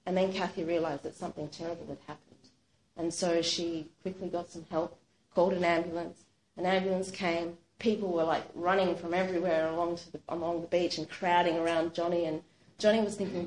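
A woman retelling a true story aloud, animated and casual, with lots of "sort of" and "like". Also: lowish voice, brisk, slight background noise. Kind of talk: spoken storytelling. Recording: roomy echo.

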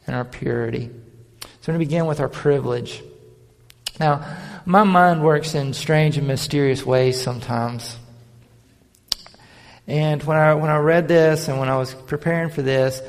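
A man preaching a sermon as pastor, with a gravelly voice that builds to emphatic raised delivery. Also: mid-range voice, long reverb tail.

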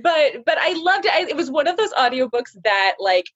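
A woman hosts a podcast interview. Her fairly high voice swings up and down a lot as she talks. She is friendly and laughs along with her guest, and the recording sounds dull and lo-fi. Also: very animated, brisk, a bit bright. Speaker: podcast host. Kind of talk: casual interview chat.

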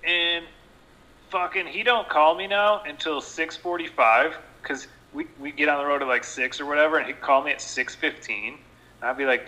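A man's voice: on the high side, normal speed, rough recording. A man hosting a casual podcast chat, swearing freely, laughing often and telling stories with lots of energy. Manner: swears a lot, laughs often, animated storytelling. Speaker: podcast host.

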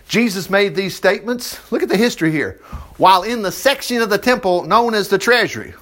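A middle-aged man, teaching the Bible in a folksy, animated way with chuckling asides. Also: high voice, a little fast. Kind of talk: informal Bible study commentary.

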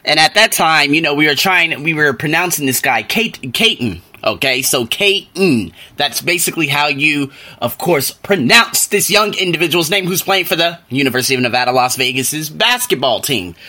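Animated bright-voiced male podcaster. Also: a little high, moderate pace, hardly any pauses. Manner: animated storytelling, voice rises into exasperated rants. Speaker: podcast host. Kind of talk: solo podcast book review.

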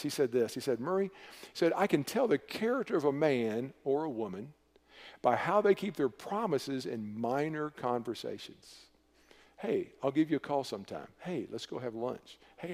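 A man's voice: mid-range voice, darkish tone. A middle-aged man preaching a sermon as pastor, talking conversationally with repeated phrases and restarts. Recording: long hall reverb.

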